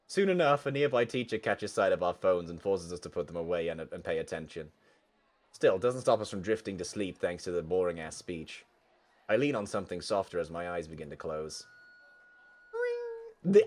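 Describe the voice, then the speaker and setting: A young man reading a visual novel aloud and reacting casually, often swearing. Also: sits low. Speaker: game streamer. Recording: faint game music underneath.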